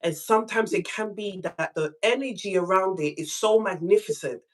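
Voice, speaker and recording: A woman hosts a live stream from home in a casual, chatty way. She tells her story with lots of animation and jumps way up in pitch when she acts out what people said. Her voice sits at a middle pitch for a woman. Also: normal speed.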